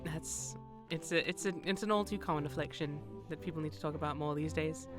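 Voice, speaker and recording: A woman's voice: low-pitched, brisk, music in the background. A young woman streamer giving casual, joking commentary while playing a game, talking to herself and to her viewers. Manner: joking, wry, talks to herself and chat.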